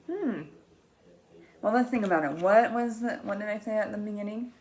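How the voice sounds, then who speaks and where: A woman teaching young children, reading a picture book aloud in an animated, expressive way, gasping and asking them questions. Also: mid-range voice. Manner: animated and expressive, with frequent gasps and drawn-out words.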